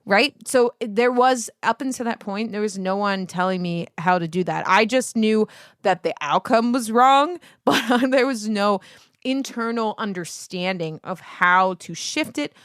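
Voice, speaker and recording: A woman's voice: medium pitch, unhurried, a bit bright, no echo, clean studio sound. A woman in her thirties, a singing teacher, talking casually to camera in a rambling, profane, easily sidetracked way with self-mocking asides. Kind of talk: casual vlog monologue.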